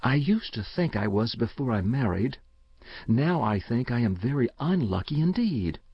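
A man voicing a weary mother who speaks slowly and bitterly, his voice lifted a little. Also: medium pitch, sing-song, slightly rough, dry recording, lo-fi sound. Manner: slow and bitter.

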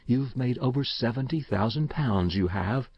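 A man doing a hushed, eager little gardener. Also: mid-range voice, animated, normal speed, breathy edge, no room sound. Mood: urgent hush. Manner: hushed, urgent. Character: small sharp-eyed male gardener, eager. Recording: slightly dull dry recording.

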